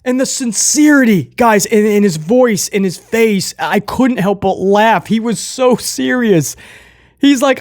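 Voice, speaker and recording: A man reviewing a wrestling show in casual commentary, animated, laughing often and addressing viewers directly. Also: high voice, unhurried, dry recording, clean studio sound.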